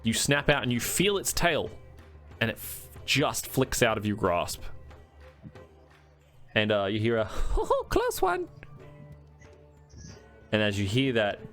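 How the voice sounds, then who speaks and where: Man running a tabletop game, low voice. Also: sing-song, unhurried, long pauses, a bit bright, soft background music. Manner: rambling, many fillers and restarts. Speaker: game master.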